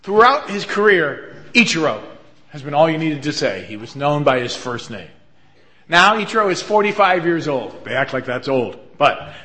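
Male pastor, earnest storyteller, bright and forceful tone. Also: a little high. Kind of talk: sermon.

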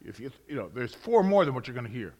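Delivering a sermon at a quick pace in a medium-pitched voice, this preacher reads scripture with mounting excitement. He alternates between loud emphasis and hushed whispers.

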